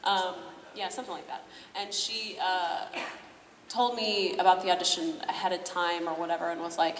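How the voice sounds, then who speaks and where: A woman's voice: on the low side, fairly even intonation, normal speed. A woman who is a voice actress and voice director, chatting and giggling on a convention panel. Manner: chatty, giggly, lots of fillers. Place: large convention hall. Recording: echoey hall from far off, faint noise.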